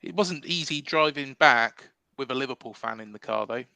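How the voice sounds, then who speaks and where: A man with a bright, crisp voice tells jokey stories during a casual online quiz. The sound is dry and close, with no room around it. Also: mid-range voice, normal speed, no echo. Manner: jokey, storytelling banter. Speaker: quiz contestant. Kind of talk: casual banter.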